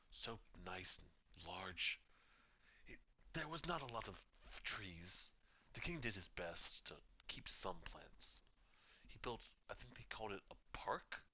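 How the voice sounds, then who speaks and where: A man's voice: low-pitched, bright, forceful tone, slightly rough, heavily acted. A man voicing a forgetful old male storyteller who wanders through his memories and keeps repeating himself. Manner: drawn-out, wandering, repeats yes yes.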